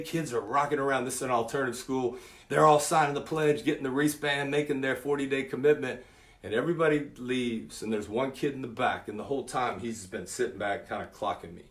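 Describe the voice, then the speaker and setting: A preacher in his fifties telling a vivid story in a sermon, dropping to a hush for effect. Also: medium pitch, a little fast. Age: 50s. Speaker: preacher and youth speaker.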